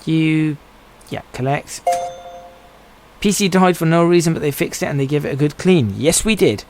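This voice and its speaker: A man's voice: on the high side, normal speed, background noise. A man streaming a game, giving casual commentary and musing aloud to himself as he plays. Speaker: gaming streamer.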